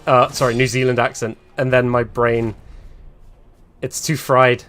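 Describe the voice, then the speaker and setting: A man's voice: medium pitch, little pitch movement, a little slow, fairly bright tone, slight background noise. A man commentating casually while live-streaming a game, chatty and rambling, laughing often and grumbling about the fight.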